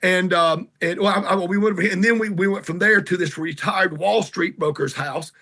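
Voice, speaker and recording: A man's voice: sits high, moderate pace, pushed and bright. A man with a Southern accent, a guest musician telling rambling, salty anecdotes in a casual interview. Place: garage.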